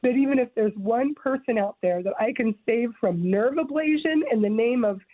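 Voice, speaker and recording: A woman's voice: fairly high pitch, animated, moderate pace, no echo. Earnest woman on a tinny line. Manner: earnest, emphatic, with repeated restarts. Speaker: guest sharing her story. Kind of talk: interview, personal testimony. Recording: dry, phone-like narrow sound.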